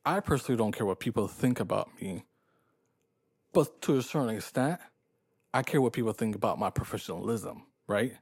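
A man hosting his own podcast, telling a story about his day in a casual, profane, animated way and acting out his own thoughts. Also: fairly low pitch, fairly quick, vocal fry, breathy edge, dry recording, clean studio sound. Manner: profane, animated retelling with quoted inner thoughts. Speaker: podcast host.

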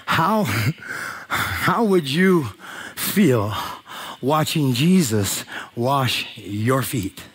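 A man preaching a sermon, animated and joking with the congregation in a church hall. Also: mid-range voice, extremely slow, pauses often, breathy edge. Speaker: pastor.

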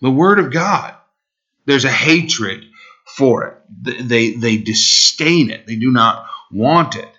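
A man's voice: medium pitch, expressive, slow pace, pushed and bright, dull audio. A male pastor preaching an impassioned expository sermon, pleading and rising sharply for emphasis.

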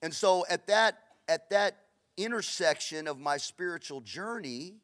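A middle-aged male pastor preaching with fiery passion, his slightly raised voice racing through stories. He swings from loud bursts to hushed, confiding asides. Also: high-pitched, expressive. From Los Angeles. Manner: fast, passionate, storytelling with shifts between loud and hushed. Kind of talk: sermon.

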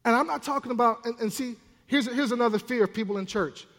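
A man minister preaching a sermon in an animated, playful way, with asides to the congregation. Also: very high voice, fast talker. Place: church sanctuary. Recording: long church hall reverb.

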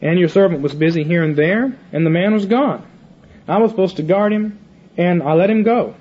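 Older man, Bible lecturer, casual retelling with acted-out dialogue, slightly high voice, muffled lo-fi sound. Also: normal speed, breathy edge. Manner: retells scripture in casual paraphrase, acting out dialogue. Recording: muffled lo-fi recording.

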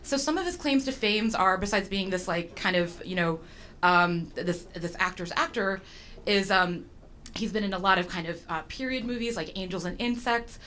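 A woman's voice: mid-range voice, normal speed, sharp tone. A woman telling a personal story to an audience, chatty and self-deprecating, with lots of fillers and restarts.

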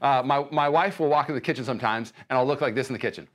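A man preaching a sermon as pastor, telling a story with lively acted-out quotes and later turning soft and hushed as he prays. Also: mid-range voice, racing. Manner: animated storytelling, acts out his own quoted thoughts; drops to a soft, hushed tone in prayerful parts.

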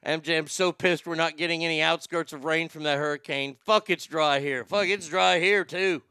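A man's voice: a little high, fairly even intonation, normal speed, bright, forceful tone, clear, resonant tone, dry recording, clean studio sound. A man hosting a casual morning radio show, reading listener messages in a brash, profane, joking way and often stammering.

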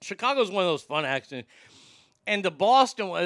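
A man's voice: high-pitched, very animated, fairly quick, a bit bright, dry recording, clean studio sound. A man hosting a talk show, chatting casually in a blunt, sarcastic and profane way. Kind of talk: casual opinionated chat.

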